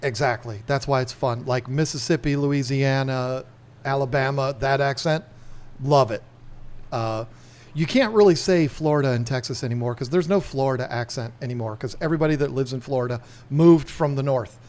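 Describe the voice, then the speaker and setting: A man in his fifties co-hosts a podcast, chatting casually, rambling and enthusiastic. His mid-range voice is a little mellow and moves at a moderate pace.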